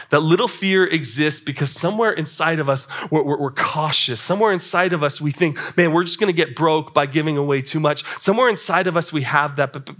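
Bright-voiced animated young male preacher. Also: a little high. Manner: animated, repeats words when starting, acts out quotes. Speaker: young adult ministry pastor. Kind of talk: sermon.

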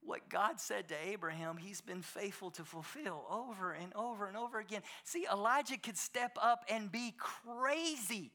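A man preaching a sermon as pastor, impassioned, swinging between loud declarations and hushed lines in a church. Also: high voice, moderate pace, hardly any pauses.

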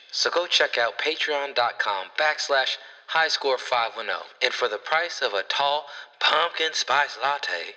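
A man co-hosting a podcast, reading a scripted promo in a playful, mock-smooth sultry voice with showy emphasis. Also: medium pitch, animated, unhurried, bright, forceful tone, in a large hall, low-quality recording. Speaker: podcast co-host reading a sponsor plug.

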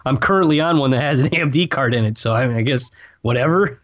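A man's voice: medium pitch, fast talker. A man co-hosting a podcast in casual chat, laid-back and shrugging. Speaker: podcast co-host. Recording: dull dry lo-fi audio.

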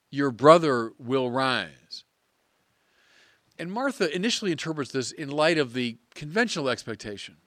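A man's voice: mid-range voice, a bit bright, no room sound. Earnest male preacher, dry close sound. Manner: earnest, measured preaching with emphatic pauses. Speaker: priest. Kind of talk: sermon.

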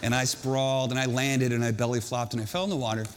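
A male pastor preaching a sermon, telling a story in an animated, self-mocking way. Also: mid-range voice, fast. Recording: long hall reverb.

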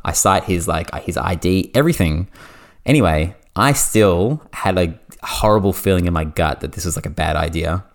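An Australian man hosting a podcast, telling a story in casual chat, animated and full of "like" fillers. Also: low-pitched, creaky. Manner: animated, fast anecdote with lots of "like" fillers. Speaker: podcast host.

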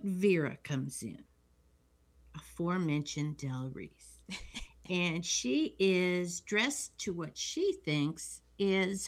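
Unhurried woman telling a film's plot. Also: fairly low pitch. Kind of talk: casual movie recap chat.

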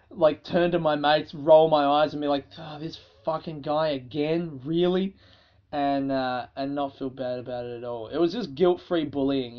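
An Australian man hosts a solo podcast and tells stories in a loose, profane, casual way, laughing as he goes. His voice sits a little high. The sound is slightly dull and lo-fi. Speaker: podcast host.

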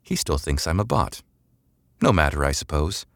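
A man's voice: a bass voice, sing-song, moderate pace, creaky, a bit bright, no room sound, full character voice. A man voicing a detached artificial-intelligence drone that makes dry, wry asides. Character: detached AI drone companion, male.

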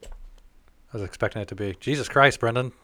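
A man's voice: medium pitch, a little fast, pushed and bright. A man hosting a podcast in casual chat, laid-back and swearing freely. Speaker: podcast host.

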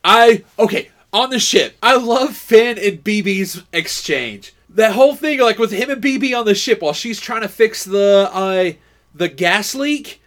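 A man co-hosting a podcast, chatting casually about a movie, animated and rambling, with frequent swearing. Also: high-pitched, unhurried. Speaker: podcast co-host.

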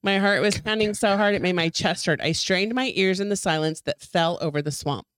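Woman reading a ghost story, smooth and close. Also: medium pitch, brisk, a bit bright, no echo. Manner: dramatic reading with small stumbles. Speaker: podcast co-host.

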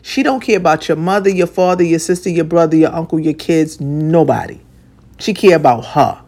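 Woman, 40s, radio personality; blunt and outspoken, swearing freely, punches her points with repetition, mid-pitched, with sudden soft asides. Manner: swings between soft and punchy delivery. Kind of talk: candid personal monologue.

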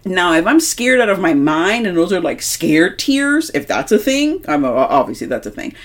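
Animated, foul-mouthed woman podcaster. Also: on the low side, moderate pace. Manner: animated, heavy swearing, emphatic. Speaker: podcast co-host. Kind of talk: casual movie review chat.

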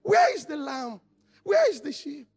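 A man's voice: very high-pitched, wildly swooping pitch, unhurried, voice pushed up, full character voice. A Nigerian preacher voicing an eager teenage boy. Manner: earnest, innocent, asking questions. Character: eager devout teenage boy questioning his father.

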